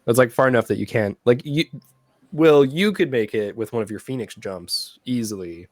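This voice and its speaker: A man's voice: mid-range voice, normal speed, no echo, clean studio sound. A man narrating as game master of a tabletop game, rambling with many fillers. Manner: rambling, full of "like" and "um".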